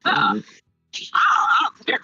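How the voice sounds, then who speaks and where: A woman's voice: unhurried, highs cut off, loud music behind the voice. A young woman chatting casually and rambling, with many fillers and giggles. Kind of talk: casual podcast chat.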